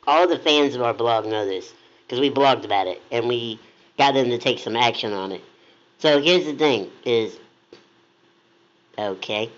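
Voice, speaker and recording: A man co-hosts a casual chat and tells his story with plenty of energy, acting out the voices of the people in it. The recording sounds dull and lo-fi. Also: medium pitch. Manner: animated, acts out quoted voices. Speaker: blog co-host.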